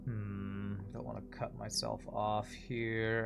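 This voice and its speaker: A man's voice: on the low side, little pitch movement, unhurried, vocal fry, music in the background. A man streaming a puzzle game, thinking aloud and mumbling as he weighs his choices in casual commentary. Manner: musing aloud, mumbling while deciding.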